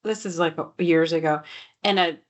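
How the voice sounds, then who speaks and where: A woman's voice: fairly low pitch, normal speed. A woman co-hosting a podcast, chatting casually and replying in an easygoing, sympathetic way. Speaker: podcast co-host. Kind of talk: casual chat.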